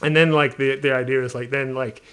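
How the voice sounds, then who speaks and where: A man's voice: medium pitch, fairly quick, clear, resonant tone. Rambling young man chatting casually. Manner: rambling, animated, many fillers. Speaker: channel host. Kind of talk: casual chat.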